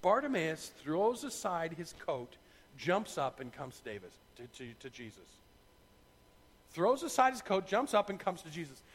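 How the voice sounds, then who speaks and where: A middle-aged man preaching a sermon, retelling a story in an animated way and acting out the voices. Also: a little high, moderate pace, husky, long reverb tail. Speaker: pastor.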